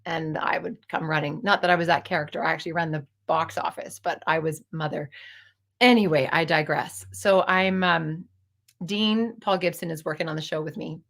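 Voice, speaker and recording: A woman's voice: sits low, fairly even intonation, normal speed, creaky, fairly bright tone. A woman in her fifties telling a personal story in a candid, digressive way, swearing casually as she goes. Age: 50s. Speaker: storyteller and playwright.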